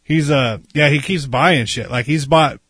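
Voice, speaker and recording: A man's voice: fairly high pitch, unhurried, a bit bright, husky, no echo. A man in casual, crude podcast chat, telling rambling stories and mimicking his father. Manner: profane storyteller, mimics his dad.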